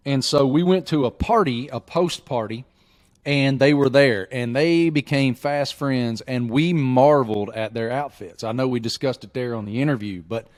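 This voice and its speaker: A man's voice: medium pitch, normal speed, darkish tone. Joking man telling a hometown story. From southwest Virginia. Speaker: podcast host. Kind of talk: casual chat.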